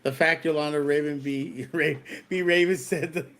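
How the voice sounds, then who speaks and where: A man's voice: on the high side, steady tone, moderate pace, a bit bright. A man hosting casual sports talk on a video call, laughing and egging his guests on. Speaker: podcast host.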